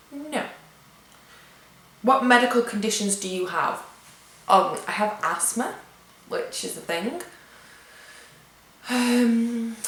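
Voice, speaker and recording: Young english girl reading out tag questions and answering quick, british accent, roomy echo. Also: mid-range voice, fairly bright tone. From England. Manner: chatty, reads questions aloud and answers offhand. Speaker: vlogger. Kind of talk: casual tag video chat.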